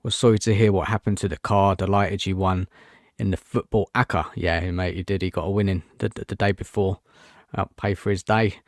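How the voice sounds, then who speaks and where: A man's voice: low voice, fairly even intonation, fairly quick, no room sound, clean studio sound. A man hosting a casual football fan live show, chatty and greeting viewers, saying "mate" often. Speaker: host.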